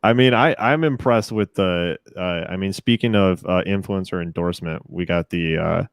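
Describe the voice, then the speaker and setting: A man's voice: sits low, moderate pace, vocal fry, dry recording, clean studio sound. A young man hosting a casual stock-market livestream, joking and laughing often. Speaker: show host.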